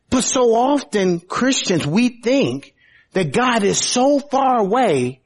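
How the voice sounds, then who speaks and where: A man preaching a sermon in a husky, high voice that swings widely in pitch. He talks slowly and emphatically, leaning on rhetorical questions and dramatic turns. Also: very animated.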